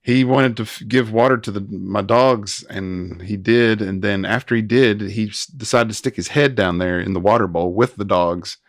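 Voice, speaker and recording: A man in his thirties co-hosting a casual film review chat, recapping scenes with quick asides and frequent laughs. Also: on the low side, no echo, clean studio sound. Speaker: podcast co-host.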